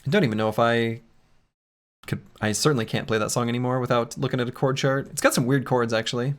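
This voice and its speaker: A man streams a game, offering casual commentary and chat in a joking, rambling, self-mocking way. He talks fast in a mid-range voice with fairly even intonation.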